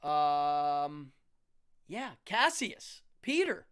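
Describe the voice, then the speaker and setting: A man's voice: fairly high pitch, sing-song, slow pace. Laid-back middle-aged male stream host. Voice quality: laid-back, slangy, with frequent ums and uhs. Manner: upbeat sign-off, shouting out viewers by name. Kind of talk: casual live-stream chat.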